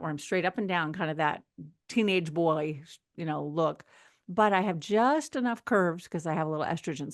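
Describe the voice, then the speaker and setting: A woman's voice: on the low side, no room sound. A woman in her sixties talks casually on a health show. She tells stories with animation and slips into the voices of the people she quotes. Her voice sounds dry and close, with no room sound. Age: 60s. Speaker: health podcast co-host. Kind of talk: casual chat.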